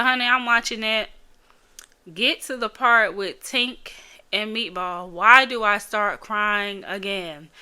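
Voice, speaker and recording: Bright, crisp-voiced woman podcaster. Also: mid-range voice. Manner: chatty and rambling, laughs often; emotional, candid storytelling. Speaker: podcast host. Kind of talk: casual solo podcast chat.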